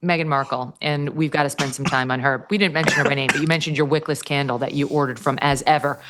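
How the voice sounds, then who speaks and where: A middle-aged woman hosting a talk show, telling stories in an animated, chatty way. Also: low-pitched, fast talker, background noise. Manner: animated storyteller, laughs while telling. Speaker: podcast host. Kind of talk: casual chat.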